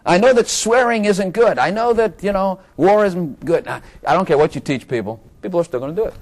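A man preaching a sermon in a conversational way, chuckling often and building to excited, emphatic bursts. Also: high-pitched, brisk. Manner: chuckling, playful asides, rising to excited emphasis.

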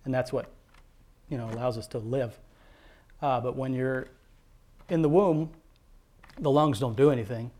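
A man tells a heartfelt personal faith testimony as a father. He speaks in an earnest, devout way, often pausing, restarting and filling gaps with small hesitations. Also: mid-range voice, mellow. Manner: earnest, halting, with many fillers and restarts. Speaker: father telling his testimony.

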